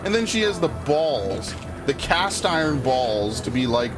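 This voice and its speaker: A man's voice: medium pitch, unhurried, hardly any pauses. A young man streaming a game, telling a rambling story with lots of swearing and getting worked up as he talks. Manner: rambling, swears a lot, excitable rants. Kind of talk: casual let's-play commentary. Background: game music.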